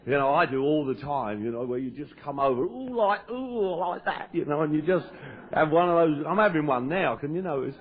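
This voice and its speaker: A man's voice: on the high side, fast talker. Joking Englishman on an old tape. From England. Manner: joking, self-deprecating, stammering restarts. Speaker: recovery meeting speaker. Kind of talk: humorous personal talk to an audience. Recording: lo-fi 1990s cassette tape.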